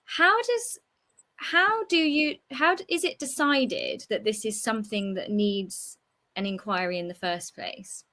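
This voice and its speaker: A young woman from the United Kingdom, an academic hosting a relaxed interview, chatty and animated with lots of "like". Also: mid-range voice, unhurried. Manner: chatty, animated, uses "like" a lot.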